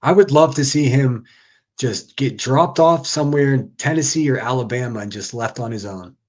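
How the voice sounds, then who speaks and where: A man's voice: medium pitch, normal speed, a little mellow. Profane man ranting on a live stream. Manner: profane, exasperated, argues back at the clips. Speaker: live stream host reacting to clips. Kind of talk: casual ranting commentary.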